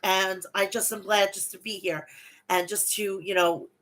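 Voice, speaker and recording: A woman's voice: mid-range voice, steady tone, moderate pace, a bit bright, low-quality recording. A woman in her thirties hosting a casual wrestling podcast, blunt and swearing freely. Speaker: podcast host.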